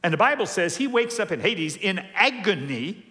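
A man preaching a sermon to a congregation, animated, asking questions and acting out voices. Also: high-pitched, normal speed. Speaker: pastor. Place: large church hall with congregation. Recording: long hall reverb.

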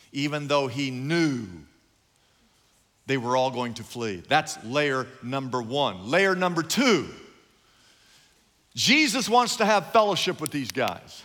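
A man's voice: medium pitch, pushed and bright. A man pastor preaching an emphatic sermon from the stage of a large church hall. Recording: long hall reverb.

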